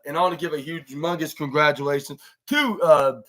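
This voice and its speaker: A man with a slightly higher voice talks through wrestling action in a loose, rambling way. He stumbles and restarts often, filling gaps as he goes. It sounds like a casual podcast recap. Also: fairly even intonation, fairly bright tone. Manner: rambling, halting, many restarts and fillers; acts out wrestlers' lines in raised voice. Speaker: podcast host reviewing wrestling.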